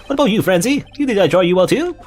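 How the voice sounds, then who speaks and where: A man's voice: high-pitched, animated, racing, faint music behind, pitched above the performer's own voice. A man voicing a cheerful, bubbly young woman in a game, reading in a perky, sing-song way. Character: cheerful bubbly young female spirit medium.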